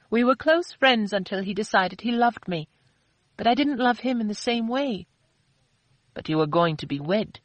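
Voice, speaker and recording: A woman narrator voicing a spirited, quick-tempered young woman who answers back with sharp, indignant retorts. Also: medium pitch, no room sound, natural voice, poor audio.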